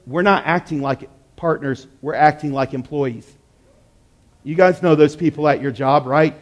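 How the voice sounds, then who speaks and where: A man's voice: on the high side, a little mellow. A man in his thirties, a pastor, preaching a sermon in a conversational, storytelling way to his congregation in a church.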